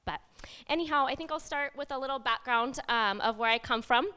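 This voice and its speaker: A woman's voice: sits high, a little fast, pushed and bright, clean tone, big-room sound. A woman in her thirties from Washington State giving a nervous church testimony, a little shaky, with many ums. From Washington State, USA. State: slightly shaky voice. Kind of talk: personal testimony, partly read aloud. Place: church sanctuary, up front.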